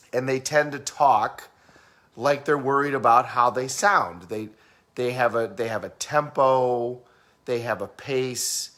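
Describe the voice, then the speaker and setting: A man in a casual teaching talk who explains communication styles, asks the listener questions and acts out fast and slow talkers. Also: medium pitch, a bit bright.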